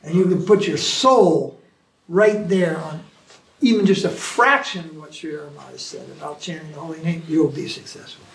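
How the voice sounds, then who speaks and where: Male spiritual teacher, high-pitched, lively and storytelling, recorded from afar in a reverberant room. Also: moderate pace, gravelly. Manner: animated storytelling, mimics chanting. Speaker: spiritual teacher answering questions. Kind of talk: informal Q&A talk. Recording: echoey room from far off.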